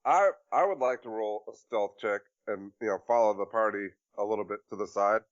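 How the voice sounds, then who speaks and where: A man's voice: on the low side, fairly quick, muffled recording. A man playing in a tabletop game, chatty and laughing. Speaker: player. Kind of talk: casual tabletop play.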